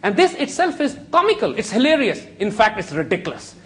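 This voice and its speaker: A middle-aged man, a guest on a TV talk show, arguing a case forcefully and firing off rhetorical questions. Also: high-pitched, wildly swooping pitch, brisk. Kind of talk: argumentative TV discussion.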